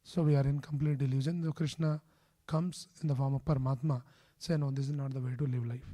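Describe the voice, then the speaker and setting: A man's voice: medium pitch, little pitch movement, fairly quick, dark tone. A man speaking at a temple, giving a scripture class sermon. He explains patiently and puts questions to the audience. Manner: chants Sanskrit verses. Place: temple hall.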